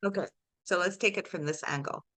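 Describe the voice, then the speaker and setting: A woman's voice: on the low side, fairly quick, bright, forceful tone. A woman life coach guiding a private session with direct, probing questions.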